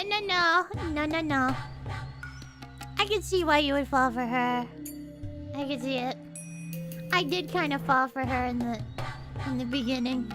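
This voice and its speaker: A woman streamer reading a visual novel aloud and chatting in a giggly, playful way. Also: extremely high pitch. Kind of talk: casual game-reading stream.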